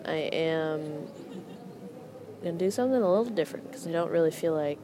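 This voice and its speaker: A young woman hosts a podcast outdoors in a park, with a noisy background around her. Her deep voice is expressive and brisk as she rambles through a casual monologue, making self-mocking puns and laughing at her own jokes.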